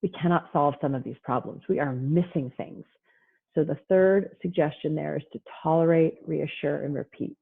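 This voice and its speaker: This lively parenting lecture comes from a female psychologist whose deep voice is slightly husky and whose speed is normal. Animated throughout, she performs quotes in playful parent and child voices, while the tinny, thin audio resembles a phone line on a video call.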